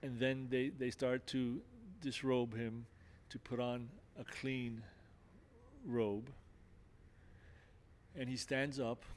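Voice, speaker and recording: Older man, podcast guest, earnest testimony, frequent restarts, middle pitch, conversational. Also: flat delivery, takes it slowly, pauses often, a little hiss or hum. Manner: earnest storytelling, many restarts and "you know".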